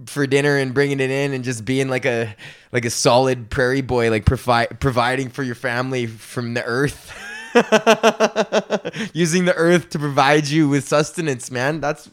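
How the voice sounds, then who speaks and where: A young stand-up comedian hosts his own podcast from a home studio, ranting and rambling casually with lots of swearing, slang, and laughter. His voice is on the high side, a bit bright and smooth.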